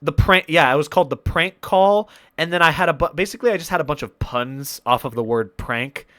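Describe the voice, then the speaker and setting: A man's voice: a little high, fairly quick, bright, forceful tone, dry recording. Man rambling through a story, dry sound. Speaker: podcast host. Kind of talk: casual chat.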